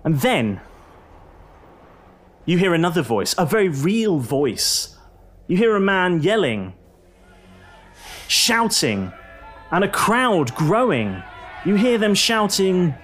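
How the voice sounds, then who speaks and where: A man's voice: high voice, big pitch swings, slow, pauses often, a bit bright. A man acting as game master, telling the story to the players in the second person with a dramatic storyteller's delivery. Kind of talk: dramatic tabletop narration.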